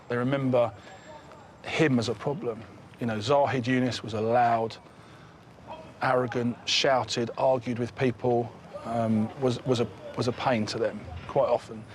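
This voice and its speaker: A man's voice: mid-range voice, a little hiss or hum. A man, a police detective giving a documentary interview, who often restarts and repeats words.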